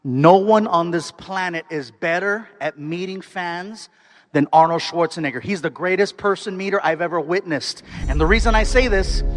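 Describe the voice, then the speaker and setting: A man doing stand-up comedy on stage, telling a story in an animated, excitable way and acting out the scenes. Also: high voice.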